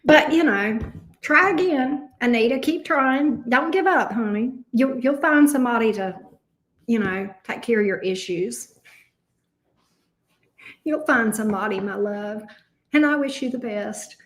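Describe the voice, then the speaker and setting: A woman's voice: a little high, measured pace. A woman giving a live tarot reading, chatting with viewers in an exclamatory, teasing way and swearing casually. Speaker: tarot reader. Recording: echoey room.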